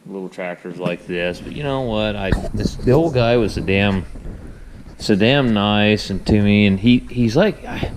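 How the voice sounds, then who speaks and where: A man's voice: on the low side, a little hiss or hum. A young man, a repair mechanic, talking casually in a rambling, folksy way with many restarts. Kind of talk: casual shop vlog talk.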